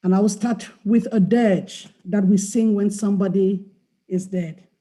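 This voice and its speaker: A middle-aged woman from Cameroon, speaking on a video call and reading her poetry in a slow, deliberate way. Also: mid-range voice, steady tone, mellow. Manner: slow, deliberate recital with chanted dirge passages. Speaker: invited poet.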